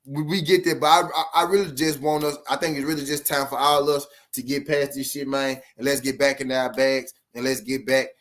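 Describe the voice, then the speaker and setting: A man's voice: medium pitch, level tone, brisk, hardly any pauses, a bit bright. A man hosting a boxing channel, ranting to his live-stream viewers in blunt, profane street slang full of repeated phrases. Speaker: boxing commentary channel host.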